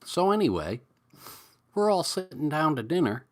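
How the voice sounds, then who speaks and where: A middle-aged man with a New England accent, rambling through stories and greeting viewers on a relaxed live chat. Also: on the high side, normal speed, a little hiss or hum. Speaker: livestream host.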